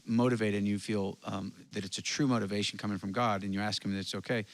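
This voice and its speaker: A man's voice: on the low side, steady tone, fast talker. A man from Texas, a guest musician, telling personal stories in an earnest, confessional way during casual conversation. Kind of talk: casual chat.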